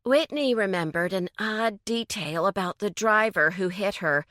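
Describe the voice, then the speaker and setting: A woman voicing Lucy, a bubbly and confident woman who cooks for her friends and teases them in a lively, sing-song way. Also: mid-range voice, unhurried, no echo, studio quality, natural voice. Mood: cheerful. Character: bubbly confident woman cook, teasing hostess.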